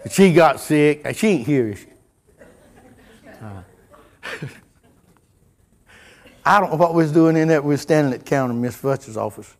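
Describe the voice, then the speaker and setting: A middle-aged preacher with a fairly high voice for a man. He preaches in a folksy, storytelling way, sinking to near whispers and then climbing high and loud. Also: expressive, moderate pace, long pauses. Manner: folksy, storytelling, wide swings from hushed to loud. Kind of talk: sermon.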